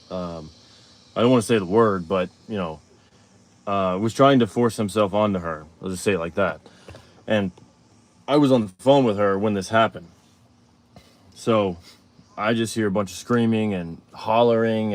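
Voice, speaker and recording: A man with a fairly low voice hosts a live stream. He tells a story casually, rambling and stopping to restart his sentences, with plenty of fillers. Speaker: show host.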